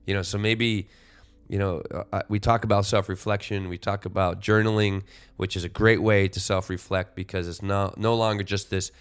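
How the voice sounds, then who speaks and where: Male podcast host, 40s, deep smooth voice, reflective and rambling, faint music underneath. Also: fairly even intonation, normal speed. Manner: rambling, self-correcting, reflective.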